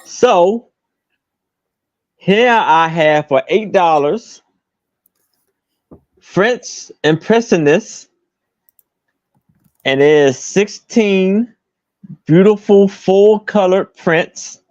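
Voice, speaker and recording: A man's voice: high voice, drawn-out words, long pauses, a little mellow, no echo, muffled recording. A man selling items on a live stream, describing them plainly with hesitations. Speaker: guest seller. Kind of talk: casual sales pitch.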